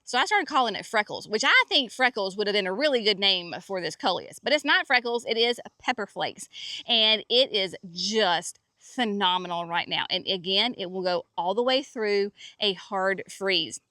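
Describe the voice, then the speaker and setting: A woman's voice: medium pitch, lively intonation, normal speed, pushed and bright, no room sound. A woman from North Carolina, chatting folksily and with enthusiasm as she hosts a walk through her garden. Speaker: garden center host. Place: outdoor garden.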